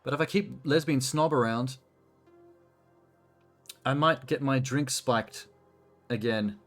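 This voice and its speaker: Soft music plays behind a man doing casual live-stream commentary on his gameplay. He talks slowly in a mid-range, fairly bright voice, rambling, cursing, and addressing himself.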